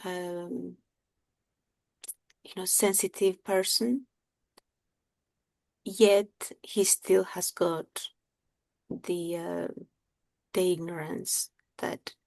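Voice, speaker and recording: Brief: woman participant, slow halting delivery, gravelly mellow voice. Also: fairly low pitch, level tone, no echo. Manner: halting, many "um" and "uh" pauses. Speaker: class participant. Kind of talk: hesitant question in study group.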